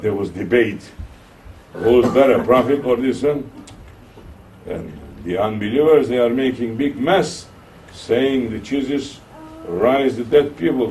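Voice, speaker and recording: A man with a Turkish accent, a Sufi shaykh, tells a story in a sermon and acts out the voices of its characters. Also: a little hiss or hum. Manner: animated storytelling, acting out quoted voices with rising pitch. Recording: distant mic with faint room ambience.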